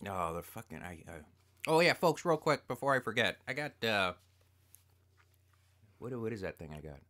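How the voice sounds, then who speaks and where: A man's voice: fairly low pitch, normal speed. A man co-hosting a casual podcast, rambling, swearing and getting worked up as he talks. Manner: profane, rambling, excitable. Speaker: podcast co-host.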